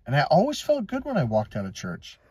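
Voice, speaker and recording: A middle-aged man from Wisconsin telling personal stories as a life coach, animated and acting out quoted voices. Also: a little fast, breathy edge. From Wisconsin, USA. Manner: animated, swings between high and low pitch, acts out quotes. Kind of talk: personal storytelling monologue.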